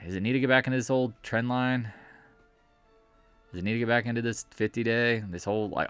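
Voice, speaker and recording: A man's voice: lowish voice, animated, fast talker, gravelly, fairly bright tone, no room sound. Jokey, rambling man reviewing market charts. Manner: rambling, jokey, talks to the viewer while scrolling charts. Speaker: market commentator. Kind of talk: casual chart review commentary.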